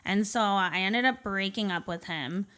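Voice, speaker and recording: A woman's voice: medium pitch, moderate pace, a bit bright, smooth. A woman from the Portland area, speaking as a podcast guest and telling her life story candidly, with many fillers and short nervous laughs. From Portland area, Oregon, USA. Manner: conversational, many fillers like "you know" and "um", light nervous laughs. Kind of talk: candid personal storytelling in an interview.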